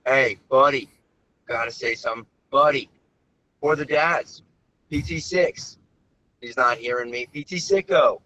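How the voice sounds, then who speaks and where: A man leaving a recorded voice message for a podcast, telling an animated story and getting loud when he quotes himself. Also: medium pitch, a little slow, pauses often, no room sound, highs cut off. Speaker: caller.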